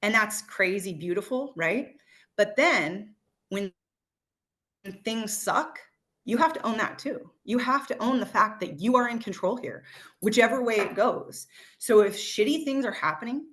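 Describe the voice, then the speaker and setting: A woman's voice: a little high, lively intonation, unhurried, a bit bright. A woman real estate agent on a video call, sharing personal reflections in a candid, blunt way and swearing casually.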